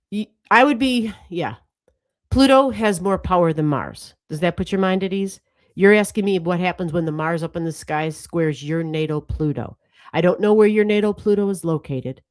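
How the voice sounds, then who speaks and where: Chatty low-voiced woman astrologer livestreaming. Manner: rambling, self-correcting, chatty with viewers. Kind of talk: casual livestream chart reading.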